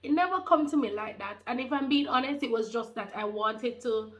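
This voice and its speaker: A Jamaican woman in her thirties telling her personal faith testimony, animated and heartfelt, slipping into patois. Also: a little high, fairly quick. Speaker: faith channel co-host.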